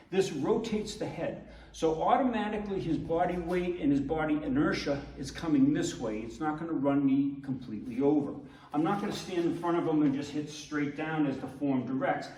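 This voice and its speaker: A man's voice: fairly high pitch, darkish tone. Fields: Sex: man. Role: martial arts instructor. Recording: roomy, distant. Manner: measured, explanatory, checks in with "okay?". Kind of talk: demonstration teaching. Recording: roomy echo from far off.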